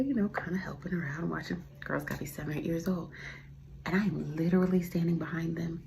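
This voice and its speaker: A woman's voice: lowish voice, fairly even intonation, brisk, creaky, a little mellow, a little hiss or hum. A woman in her forties hosting a podcast, rambling through a heartfelt personal monologue and dropping to a whisper at tender moments. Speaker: podcast host.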